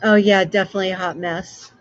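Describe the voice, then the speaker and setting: A woman's voice: medium pitch, steady tone, fast talker. Female livestream host, chatty and rambling, restarts her sentences, slightly lo-fi sound. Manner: chatty, rambling, warm with frequent fillers and restarts. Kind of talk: casual live chat with viewers.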